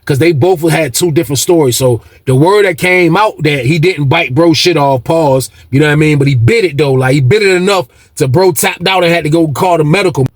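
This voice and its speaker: Male vlogger, husky, storytelling, a bit high-pitched. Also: brisk, hardly any pauses, dry recording, clean studio sound. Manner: animated, swings between loud and hushed. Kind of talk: casual storytelling.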